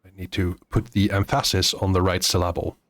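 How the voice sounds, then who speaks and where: A man chatting to viewers on a live game stream, halting often with fillers and restarts. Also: sits low, flat delivery, fairly bright tone. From Netherlands. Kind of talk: live gameplay stream chat.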